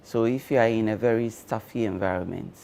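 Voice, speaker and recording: A man speaking as a guest on a breakfast show, explaining care tips slowly and with many fillers. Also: lowish voice, gravelly, noisy background. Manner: slow, measured explaining with frequent fillers. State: talking with cloves in his mouth. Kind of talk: explanatory studio talk.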